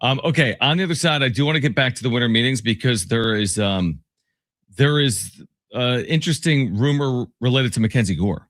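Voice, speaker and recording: A man's voice: medium pitch, fairly quick, fairly bright tone, no echo, clean studio sound. A man co-hosting a sports talk show, chatting casually, joking and laughing often. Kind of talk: casual chat.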